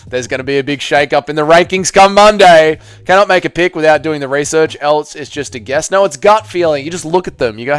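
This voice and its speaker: A man's voice: a little high, expressive, brisk, clean tone, dry recording, soft background music. A man hosting a live fight watch-along stream, bantering with his chat in a casual, profane way.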